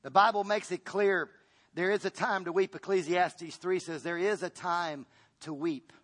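A man preaching a sermon as a pastor. His delivery swings from loud to hushed, and he repeats words and restarts phrases as he goes. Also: high-pitched, fairly even intonation, moderate pace.

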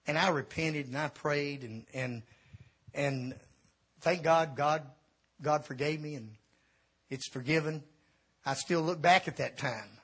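A middle-aged evangelist preaches through a funny personal story, his husky voice sitting a little high for a man. He bounces between loud outbursts and hushed, sheepish asides as the tale unfolds. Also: measured pace, long pauses. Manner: animated comic storytelling, swings from shouting to quiet. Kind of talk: storytelling sermon.

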